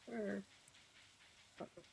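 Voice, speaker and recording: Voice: extremely slow, background noise. A game streamer giving live commentary, muttering to themself while playing and now and then talking to chat.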